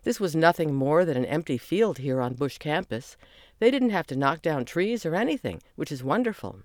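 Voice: mid-range voice, sing-song, moderate pace, a little mellow, no echo, natural voice. A narrator doing an earnest boy in a storybook who cares about nature. He speaks thoughtfully and plainly, close to the narrator's own voice, in a dry recording.

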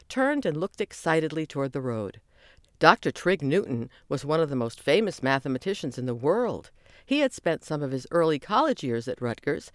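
A narrator reading a children's audiobook in a lively storytelling manner. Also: mid-range voice, dry recording, studio quality.

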